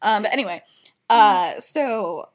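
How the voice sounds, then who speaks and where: A woman's voice: medium pitch, lively intonation, slow pace. A young woman co-hosting a podcast, retelling a fan story in a casual, giggly way with lots of fillers and acted-out quotes. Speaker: podcast co-host.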